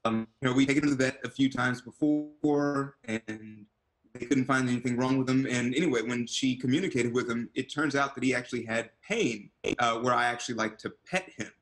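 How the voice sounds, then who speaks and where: Man, forties, actor guest, video call, animated storyteller, mid-pitched voice. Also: a little fast, faint music behind, poor audio. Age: 40s. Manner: animated storyteller, loud excited quotes. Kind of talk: casual video-call interview.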